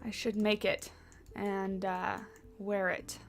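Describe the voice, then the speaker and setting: With soft music in the background, a woman with a mid-range voice and flat delivery takes things slowly during a home livestream. She rambles and chats with viewers, reading their messages while building in a game, using a USB desktop mic on a boom arm.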